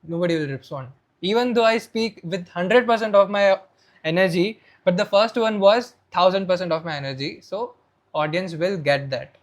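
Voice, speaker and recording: A young Indian man with a notably high-pitched voice explains how to present. His Indian English accent carries through a coaching tutorial. He drops to a hush, then pushes his volume up to show his points. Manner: swings between quiet and loud to demonstrate voice modulation. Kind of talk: spoken tutorial.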